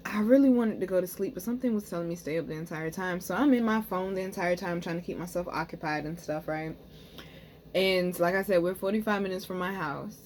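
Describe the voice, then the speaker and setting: A woman's voice: medium pitch, a little hiss or hum. A young woman, casually telling viewers a story and often checking in with them. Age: young adult. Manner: animated, talks to viewers as "y'all", frequent "okay?". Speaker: spiritual reader and vlogger.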